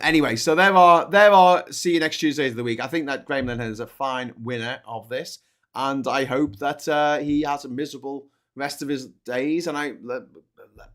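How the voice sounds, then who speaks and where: A man's voice: mid-range voice, a bit bright. A man with a Liverpool accent hosting a casual, sweary political chat show, rambling and joking about himself. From Liverpool, England. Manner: chatty, sweary, self-mocking. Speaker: host.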